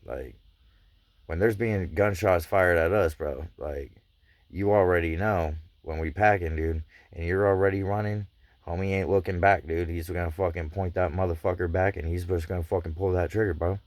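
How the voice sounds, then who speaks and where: A man's voice: sits low, normal speed, no room sound. A young man casually recounting a personal story in street slang, full of profanity, acting out what everyone said. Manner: profane, street slang, animated retelling of dialogue.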